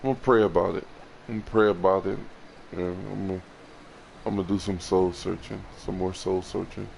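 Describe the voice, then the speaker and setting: A frustrated, upset man speaking in an emotional confessional vlog, halting, repeating his words and swearing. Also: low voice, steady tone, gravelly, darkish tone, a little hiss or hum. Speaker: vlogger.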